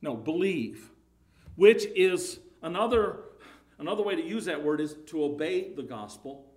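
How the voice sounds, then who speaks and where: A man's voice: on the high side, lively intonation, measured pace. A man preaching a sermon, emphatic, his voice rising and falling in volume, often repeating words.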